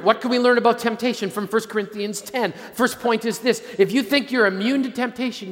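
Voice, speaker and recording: Male preacher, earnest sermon delivery, falls to hushed tones to drive points home, high-pitched. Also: a little fast, few pauses. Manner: earnest, repeats and restarts, drops to a low hush for emphasis. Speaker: pastor. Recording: long hall reverb.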